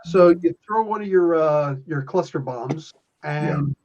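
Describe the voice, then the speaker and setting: A man's voice: on the high side, measured pace, a little mellow. A man acting as game master, describing the action in a casual, rambling way with restarts. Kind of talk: running a tabletop game session. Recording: lo-fi podcast audio.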